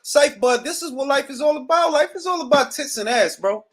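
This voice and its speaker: Man, middle-aged, animated pitch swings, profane, casual livestream host. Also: brisk. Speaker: boxing show host. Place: at home, seated.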